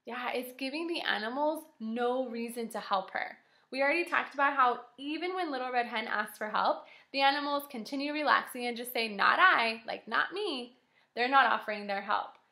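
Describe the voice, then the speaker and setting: Bright-voiced kindergarten teacher reading aloud. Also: female voice, sits high. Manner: clear, encouraging, and explains step by step. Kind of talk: read-aloud lesson for young children.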